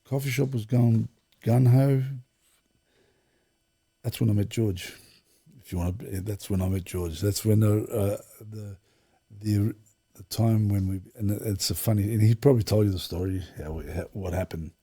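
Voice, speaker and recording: Middle-aged man, guest storyteller; low, gravelly, husky delivery, rambling anecdotes with quoted dialogue. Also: moderate pace, warm tone. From Australia. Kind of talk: casual storytelling interview.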